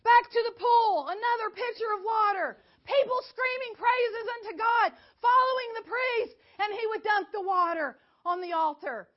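A woman with a very high voice teaches scripture to a class, excitable and full of questions for her listeners. The recording is slightly muffled. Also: normal speed, hardly any pauses. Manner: excitable, quizzes the class often. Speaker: Bible teacher.

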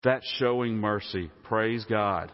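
A man's voice: lowish voice, takes it slowly. A man preaching a sermon in a conversational way, often asking the congregation questions. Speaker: pastor. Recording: muffled sound with long hall reverb.

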